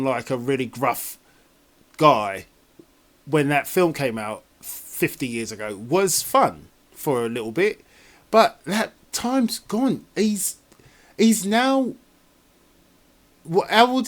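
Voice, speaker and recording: A man doing a casual trailer reaction in a rambling, sarcastic, exasperated way. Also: fairly high pitch.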